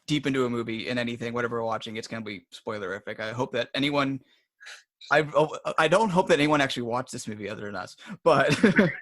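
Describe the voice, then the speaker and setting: A man's voice: mid-range voice, fast talker, fairly bright tone. A man on a podcast panel, making wry asides and laughing often in casual chat. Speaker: podcast guest.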